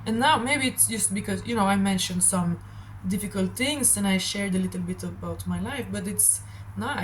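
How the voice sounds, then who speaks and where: A woman's voice: mid-range voice, normal speed, slight background noise, poor audio. A woman giving a channeled tarot reading to her viewers, nervous and shaking, blunt and emotional, calling listeners darling. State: shaky and nervous. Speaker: tarot reader.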